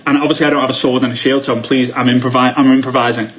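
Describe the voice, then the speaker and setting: A man in his thirties gives a live-streamed sales training talk as a motivational speaker, telling energetic stories and acting out the quotes. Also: medium pitch, racing, a little hiss or hum. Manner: energetic storyteller who acts out quotes.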